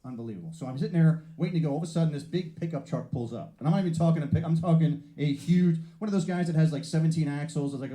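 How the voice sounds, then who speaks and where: A male stand-up comedian talks fast on a theater stage in front of a live audience, his voice fairly high and mellow. He tells brash, profane stories and acts out the characters' voices. The sound is roomy, typical of a live venue.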